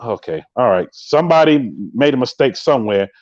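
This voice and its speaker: A man's voice: mid-range voice, expressive, fairly quick, darkish tone, no echo, muffled recording. A man hosting a live podcast in a casual chat, speaking emphatically and straight to his viewers, and often repeating his catchphrases. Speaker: podcast host.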